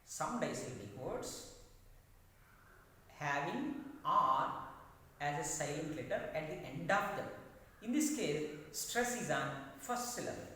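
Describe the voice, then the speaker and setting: A man lectures slowly in a high, animated voice, repeating each phrase for emphasis. He sounds far from a distant mic in a roomy classroom with a long echo. A faint hiss runs underneath. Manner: slow, repeats phrases, emphatic rises and drops. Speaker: English teacher. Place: echoey classroom.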